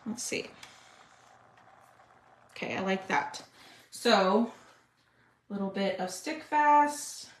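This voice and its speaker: A woman with a medium-pitched, lively voice hosts a live craft stream, chatting with viewers as she works. She takes it slowly with long pauses, calling her audience "y'all" in a chatty, casual demo, and the room is echoey.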